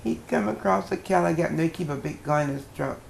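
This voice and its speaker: An older woman telling a personal story as a guest, in a lively storytelling manner with a dialect grammar. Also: low voice, fast talker, gravelly, roomy sound, a little hiss or hum.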